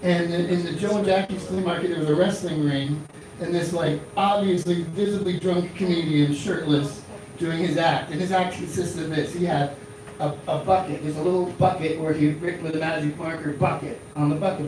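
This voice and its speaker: A man's voice: on the high side, fairly even intonation, moderate pace, few pauses, background noise. A man in his thirties from Florida doing a rambling stand-up comedy set in a small club, full of fillers and restarts. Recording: echoey club from a distant mic.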